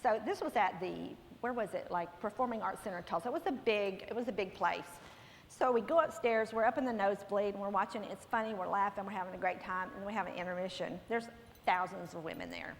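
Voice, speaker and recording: A pastor's wife telling a humorous story to a women's conference, animated and laughing, her voice climbing into near shouts. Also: medium pitch, fast, gravelly. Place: large church hall with audience. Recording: long hall reverb, faint room noise.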